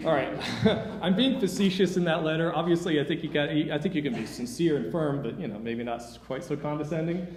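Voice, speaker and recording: A man's voice: a little high, brisk, hardly any pauses, a little mellow. Man giving a workshop talk. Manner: informal, self-interrupting, encouraging. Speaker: workshop speaker. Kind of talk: conference talk. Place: lecture room. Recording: echoey room with faint noise.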